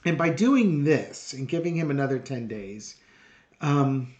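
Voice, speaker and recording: A man's voice: mid-range voice, lively intonation, a little slow, darkish tone, dull audio. Sarcastic man hosting a tarot reading. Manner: sarcastic, exasperated, rambling with fillers. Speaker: tarot reader and channel host. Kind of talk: casual monologue with a tarot reading.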